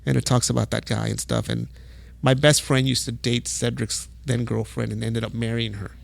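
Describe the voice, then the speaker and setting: A middle-aged man from El Paso, a music photographer, telling stories as a podcast guest in a casual, profane, animated way. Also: mid-range voice, moderate pace, creaky, dry recording. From El Paso, Texas. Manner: profane, animated storytelling with acted quotes. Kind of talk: casual storytelling.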